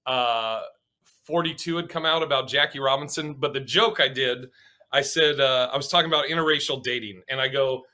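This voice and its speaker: Animated, bright-voiced man telling stories. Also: medium pitch, fairly quick. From Pacific Northwest, US. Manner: animated, laughing, acts out quotes. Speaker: stand-up comedian, guest. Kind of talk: casual interview storytelling.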